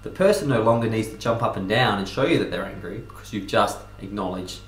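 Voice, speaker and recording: Low-voiced man coaching in an echoey room. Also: quick pace, a little hiss or hum. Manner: energetic, emphatic, acts out customer quotes. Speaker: self-improvement coach. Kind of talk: talking-head advice video.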